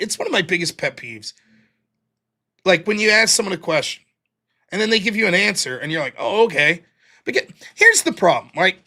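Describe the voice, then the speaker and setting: A man hosting a live stream, ranting bluntly with frequent swearing and reading out viewer donations. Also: high voice. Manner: blunt, profane, animated ranting. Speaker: livestream host. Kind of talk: casual livestream chat.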